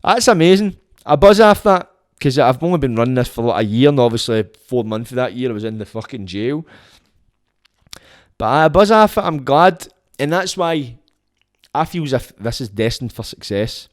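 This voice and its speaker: A man's voice: mid-range voice, expressive, normal speed, no room sound, clean studio sound. A Scottish man hosting a podcast, rambling and swearing in a casual monologue into his phone. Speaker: podcast host.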